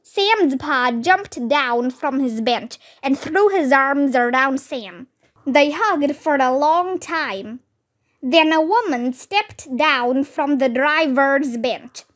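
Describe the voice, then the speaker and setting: A woman narrating a children's book aloud with steady, clear storytelling. Her voice is high and her pace slow and careful.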